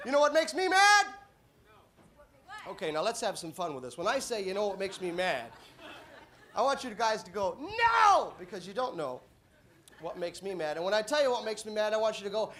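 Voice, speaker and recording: A man doing a stand-up comedy routine on a club stage, deadpan setups that burst into shouted punchlines. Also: high-pitched, quick pace. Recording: live club audience laughing. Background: audience laughter and applause.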